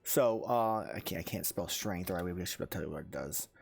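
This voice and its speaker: Low-voiced man running a tabletop game. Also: quick pace, creaky, a little hiss or hum. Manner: rambling, many fillers. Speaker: game master.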